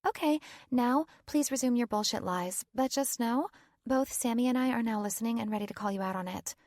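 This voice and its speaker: A woman's voice: on the high side, brisk, no room sound, studio quality, voice pushed up, lightly acted. A woman narrator voicing a brash, pushy young woman friend who teases and demands answers over the phone. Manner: pushy, loud, teasing.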